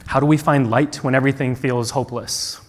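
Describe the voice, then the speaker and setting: An American conference speaker stands on stage telling a personal story, reflective and earnest, asking rhetorical question after rhetorical question. His mid-range voice holds steady at a brisk pace. The big hall leaves a long reverb on the sound.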